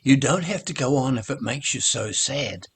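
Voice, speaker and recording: A man's voice: mid-range voice, lively intonation, moderate pace, a bit bright, slightly rough, full character voice. A man voicing a blunt boy who speaks in a raised, urgent voice.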